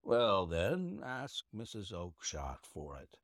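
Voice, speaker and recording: A man doing a gruff, shouting market salesman. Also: low voice, huge pitch swings, slow, dry recording, studio quality, full character voice. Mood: dismissive. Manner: shouting, blustering.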